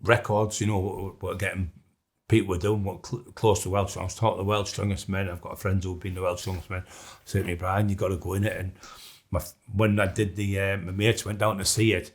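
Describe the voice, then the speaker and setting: A man's voice: deep voice, little pitch movement, a little fast. A middle-aged man, telling blunt, rambling stories in a documentary interview, full of restarts.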